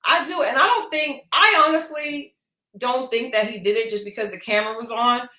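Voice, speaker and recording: Bright-voiced woman in an echoey room. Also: fairly high pitch, brisk, slight background noise. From Oklahoma. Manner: animated storytelling with quoted voices. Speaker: podcast co-host. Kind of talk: casual chat.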